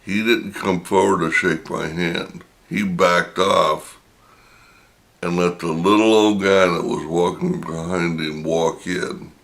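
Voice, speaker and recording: Slow gravelly-voiced man telling a story. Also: low voice, fairly even intonation, a bit bright. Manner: slow, drawn-out anecdotal telling with chuckles. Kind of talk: casual personal storytelling.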